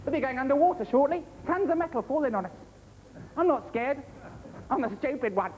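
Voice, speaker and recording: A man's voice: very high voice, a little fast. A man playing a cheerful, simple-minded old-time male servant, talking chirpily and eagerly. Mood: chirpy. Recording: noisy old TV tape in a reverberant studio.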